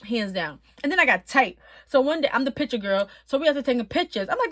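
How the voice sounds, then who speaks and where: A woman with a high, bright voice tells a long personal story straight to the camera. Her delivery is loose and animated, full of swearing and bursts of laughter. The sound is dry and close, with no room echo. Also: fast, few pauses. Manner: animated, profane, laughing, emotional. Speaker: vlogger recounting her prison time. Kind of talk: casual storytelling.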